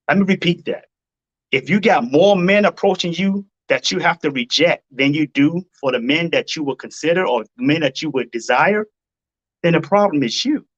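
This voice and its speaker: A man's voice: a little high, fairly bright tone, lo-fi sound. A man hosting a live-stream advice talk, blunt and preachy, hammering his points by repeating them. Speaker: dating advice host.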